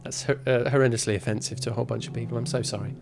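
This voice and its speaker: A man's voice: medium pitch, fairly even intonation, very fast, gravelly, music in the background. A man giving casual, rambling gameplay commentary as a streamer, with self-mocking asides. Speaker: game streamer.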